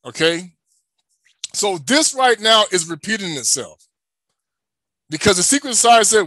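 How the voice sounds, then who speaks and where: A man's voice: high voice, expressive, moderate pace, long pauses, pushed and bright, dry recording. A man preaching, emphatic, asking rhetorical questions and answering them himself. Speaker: religious teacher. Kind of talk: preaching to an online audience.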